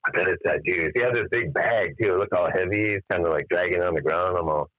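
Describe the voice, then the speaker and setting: A man's voice: sits low, fast talker, no room sound. A tired man telling a strange story in a casual phone interview, swearing freely and acting out the dialogue. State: tired after staying up all night. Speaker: musician guest. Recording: dry, tinny phone line.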